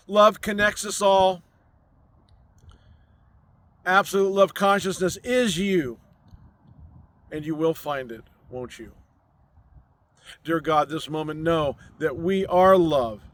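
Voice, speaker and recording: A man giving an inspirational spiritual message outdoors on a mountain, speaking in slow, soothing, repeated affirmations. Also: on the high side, fairly bright tone. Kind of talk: inspirational sermon. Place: outdoors on a mountain overlooking a city.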